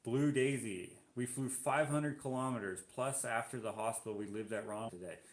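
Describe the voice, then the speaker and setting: A man's voice: mid-range voice, moderate pace. A Canadian man hosting a live stream, chatting casually as he reads out viewer comments and reacts to them. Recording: roomy echo.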